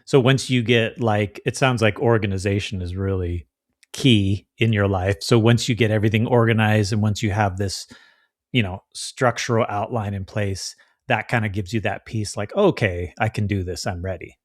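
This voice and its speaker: A man's voice: fairly low pitch, fairly even intonation, normal speed, dry recording, studio quality. A man co-hosting a podcast in casual chat, chatty and acting out the voices of people he quotes. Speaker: podcast co-host.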